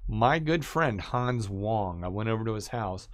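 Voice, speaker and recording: Nasal, rambling man with a low voice. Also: unhurried, slight background noise. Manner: rambling, restarts often, excitable. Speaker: live streamer. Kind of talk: casual rambling chat.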